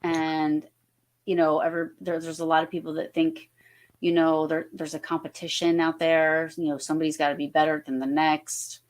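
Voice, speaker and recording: A woman's voice: deep voice, flat delivery, normal speed. A woman from New Jersey, a guest paranormal investigator, telling stories casually with many fillers and restarts. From New Jersey, USA. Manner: rambling, full of fillers and restarts. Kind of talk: casual storytelling on a podcast.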